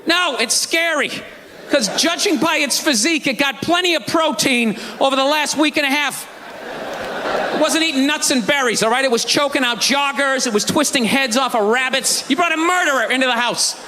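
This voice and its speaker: A man doing a stand-up routine, ranting with mock outrage and bursts of shouting. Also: extremely high pitch, normal speed, background noise. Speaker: stand-up comedian. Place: theater stage before a live audience. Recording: live hall with crowd laughter.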